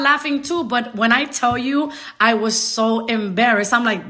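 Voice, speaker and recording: Young woman, bright voice, a bit high, animated casual storytime, mixes in spanish. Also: normal speed, hardly any pauses. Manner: animated, laughing often, switches into Spanish. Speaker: storyteller vlogger.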